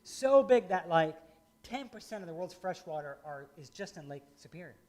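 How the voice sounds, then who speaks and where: A man's voice: sits high, animated, moderate pace, darkish tone. A middle-aged man from rural Indiana giving a conversational, folksy sermon as pastor.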